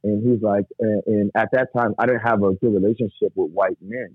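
A man's voice: on the low side, fairly even intonation, brisk, husky, no room sound. A man, the guest, telling an emotional personal story in a rambling, vivid way, acting out the voices of people he quotes. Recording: tinny phone-like dry sound.

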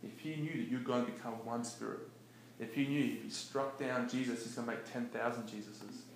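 A man giving a casual, animated teaching talk about faith, conversational and laughing often. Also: mid-range voice, fairly quick. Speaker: preacher. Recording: echoey room with faint noise.

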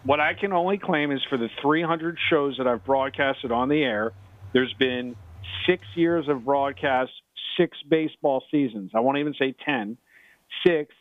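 A middle-aged man, a sports betting handicapper, talking excitedly on sports radio, repeating himself and talking over the others. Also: mid-range voice, unhurried, no echo. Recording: dry tinny phone line.

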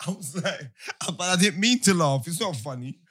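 A man's voice: on the high side, lively intonation, moderate pace, a bit bright, slightly rough. A man hosting a podcast, telling stories in casual slangy banter and laughing often. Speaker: podcast host.

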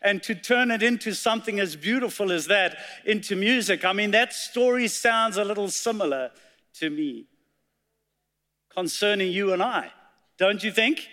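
Male preacher, high pitch, long reverb of a church hall, storytelling sermon. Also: normal speed, pushed and bright. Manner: storytelling, reciting poetry dramatically.

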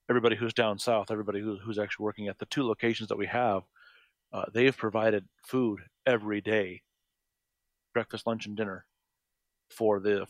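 A man's voice: lowish voice, dry recording. A man in his thirties talking casually on a podcast, rambling and emphatic, with casual swearing. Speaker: podcast guest. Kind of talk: casual discussion.

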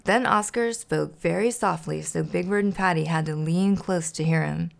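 Low, gravelly-voiced woman podcaster. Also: moderate pace, hardly any pauses. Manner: laughs often, chatty, relaxed. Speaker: podcast host. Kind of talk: casual chat and storybook reading.

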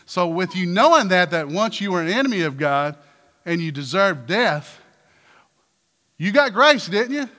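A man preaching a sermon as pastor, asking the congregation questions and breaking into loud, emphatic bursts. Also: high voice, sing-song, measured pace. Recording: reverberant hall with faint music.

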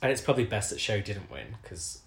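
A man's voice: fairly low pitch, big pitch swings, quick pace. A man co-hosting a casual podcast chat, teasing and laughing often. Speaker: podcast co-host. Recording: roomy echo.

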